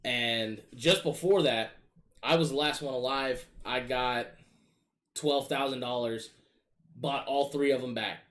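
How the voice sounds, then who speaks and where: A man casually telling gaming stories in a profane, animated, exasperated way. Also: mid-range voice, measured pace. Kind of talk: casual storytelling chat.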